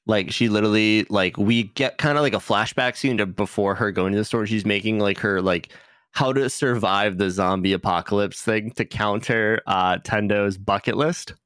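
Low-voiced guy recapping episodes. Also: normal speed, a bit bright, no echo, studio quality. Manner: joking, recapping episodes, laughing often. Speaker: podcast host. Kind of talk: casual anime podcast chat.

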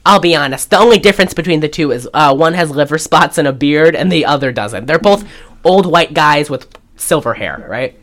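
This podcast co-host has a deep voice and talks a little fast. She recaps a movie in casual chat, animatedly acting out the characters' lines as she goes.

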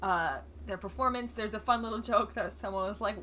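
A woman co-hosting a podcast, chatting casually and recapping a TV episode, quick and wry, acting out lines she quotes. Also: medium pitch, pushed and bright, a little hiss or hum. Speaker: podcast co-host.

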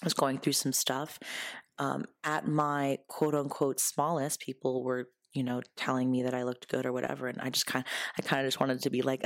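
A woman's voice: rumbling low, moderate pace, no echo, clean studio sound. A woman hosting her own podcast in a casual solo monologue, candid and blunt, swearing freely and laughing often, earnest when giving advice. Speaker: podcast host.

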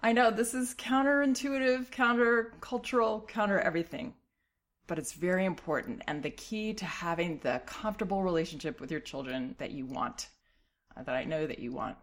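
A middle-aged woman hosting a parenting advice show, talking a listener through her letter in a calm, reassuring, encouraging way with light laughs. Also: lowish voice, normal speed.

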